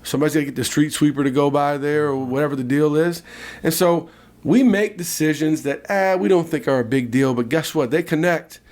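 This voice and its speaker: Animated storytelling man, fairly high voice. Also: fairly quick. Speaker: podcast co-host. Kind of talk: casual podcast chat.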